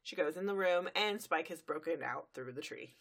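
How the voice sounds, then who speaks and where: A woman's voice: sits low, expressive, normal speed. A woman co-hosting a casual chat, narrating a cartoon episode's plot in long run-on sentences with fillers. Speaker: podcast co-host recapping an episode.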